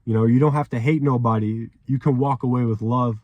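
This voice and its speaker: A man's voice: medium pitch, steady tone, a little fast, dry recording, highs cut off. Intense, profane young man ranting. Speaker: vlogger. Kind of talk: emotional motivational monologue.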